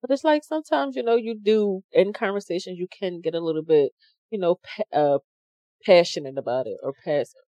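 A soft-spoken woman co-hosting a podcast, calmly defending herself in an argument. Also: lowish voice, fairly quick, dry recording. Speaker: podcast co-host. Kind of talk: casual argumentative chat.

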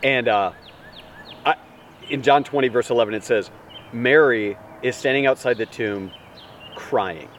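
A man preaching an Easter sermon as pastor, telling the story in an animated, dramatic way with big swings in pitch. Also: measured pace, long pauses, far from the mic, a little hiss or hum.

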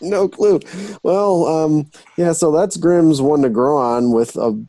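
A man co-hosting a podcast in casual, joking chat, sometimes jumping into squeaky mock voices. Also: slow pace, warm tone. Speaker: podcast co-host.

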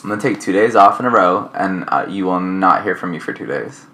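A man co-hosting a podcast with sassy, profane banter. His voice is very deep, yet carries a bright, forward tone. He talks casually and teases his co-host. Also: lively intonation, brisk. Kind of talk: casual chat.

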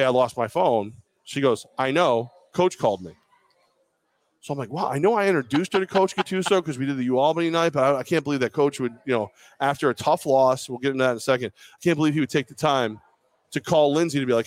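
A man's voice: medium pitch, fast. Rambling self-deprecating man on a podcast. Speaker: podcast co-host. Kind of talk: casual storytelling chat. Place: bar or venue, live show.

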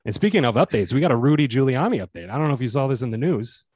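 A man's voice: medium pitch, racing, dry recording. A man co-hosting a podcast, telling a comic story with lots of swearing and acted-out quotes. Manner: animated storyteller, swears freely, acts out quotes. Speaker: podcast co-host. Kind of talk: casual comedic chat.

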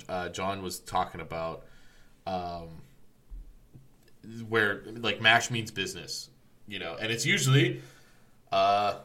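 A man's voice: fairly low pitch, fairly bright tone. A man co-hosting a podcast in casual chat, rambling with many fillers and restarts. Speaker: podcast co-host.

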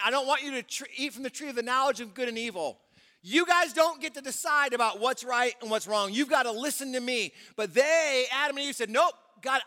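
A man's voice: extremely high pitch, pushed and bright. A man preaching a sermon as pastor, talking conversationally, asking the congregation questions and acting out quoted prayers. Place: church auditorium. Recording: long church hall reverb.

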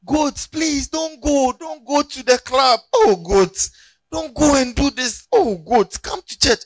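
A Ghanaian man voicing a male shepherd who loudly begs his goats to come back. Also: takes it slowly, dry recording. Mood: pleading. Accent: Ghanaian English. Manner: high, loud, imploring.

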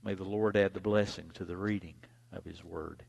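A male preacher reading scripture and telling a story in a sermon, with dramatic swings in loudness. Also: low voice, fairly even intonation, normal speed, creaky, slightly rough. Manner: dramatic, dynamic delivery, big swings in loudness.

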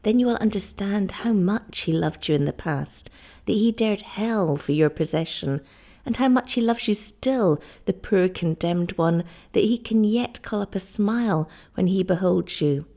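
A woman reading the part of a grieving young island husband, low and sorrowful. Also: lively intonation, unhurried, gravelly, mellow. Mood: despairing.

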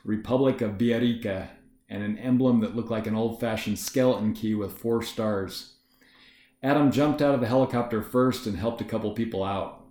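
A man with a fairly low voice narrates a first-person story in a measured, matter-of-fact way. His voice rings in a roomy, echoey space. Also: dark tone. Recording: roomy echo.

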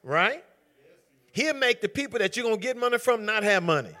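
A man's voice: high voice, animated, brisk, sharp tone. A man leading an interactive Bible study, calling on members by name in a conversational, emphatic way. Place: church group gathering.

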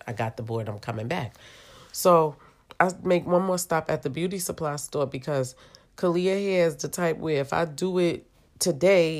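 A woman's voice: extremely low pitch, creaky. A mother telling a personal story in a casual, heated way, blunt and full of profanity, with loose fillers like "like" and "you know".

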